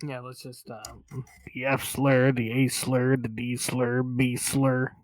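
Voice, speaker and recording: A man's voice: mid-range voice, flat delivery, slow pace, dry recording. A man co-hosting a podcast in casual chat, laid-back and terse in his replies. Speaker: podcast co-host.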